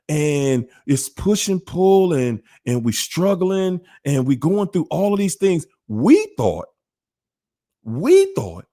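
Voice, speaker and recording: A man's voice: sits high, mellow. A man, hosting a casual monologue about relationships in an emphatic, repetitive, preachy way. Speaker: host.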